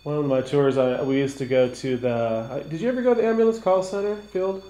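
A woman's voice: low voice, a little fast, dark tone. A woman hosting a paranormal investigation, chatting with her group and speaking directly to spirits in an old hotel. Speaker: ghost hunting host. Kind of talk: casual paranormal investigation chat. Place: indoor room of an old hotel. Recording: echoey room, faint noise.

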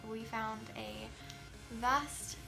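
A chatty woman with a slightly high voice, trading easy back-and-forth in a casual vlog. She leans on "like" and "um" as she talks, with music playing behind her. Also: fairly even intonation, very slow, gravelly. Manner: chatty, filler-heavy with "like" and "um". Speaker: vlog co-host, daughter. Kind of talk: casual chat.

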